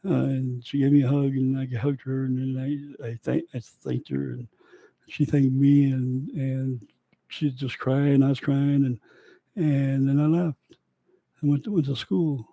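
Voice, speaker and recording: A man's voice: mid-range voice, level tone, unhurried, gravelly, dark tone, dry recording. A man telling a personal story in a casual, rambling way that drifts off into side thoughts. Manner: rambling, digressive.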